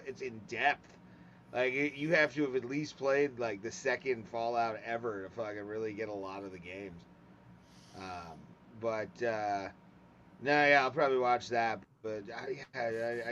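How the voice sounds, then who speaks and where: A man's voice: mid-range voice, fairly bright tone. Joking American man, lo-fi sound. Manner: crude, joking, drawn-out. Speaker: podcast co-host. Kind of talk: casual chat. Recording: dull lo-fi sound with faint noise.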